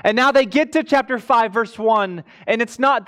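A man preaching a sermon, emphatic, rising high on key words and dropping low and quiet between them. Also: moderate pace, hardly any pauses, smooth.

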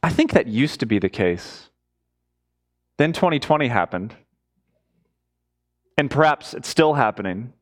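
A man preaching a sermon, emphatic, rising high on key words and dropping low and quiet between them. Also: lively intonation, measured pace, pauses often.

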